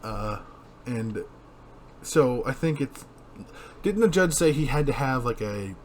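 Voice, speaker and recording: A man's voice: medium pitch, lively intonation, takes it slowly, slight background noise. A young man co-hosting a casual movie review podcast, retelling scenes and quoting lines between laughs. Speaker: podcast co-host.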